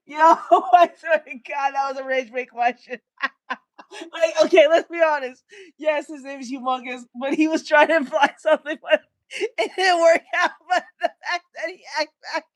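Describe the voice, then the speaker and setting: A woman's voice: sits high, fairly even intonation, normal speed, no room sound. A woman reacting to a clip, swearing and laughing a lot as she comments. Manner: loud, profane, laughing often. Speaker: reaction streamer.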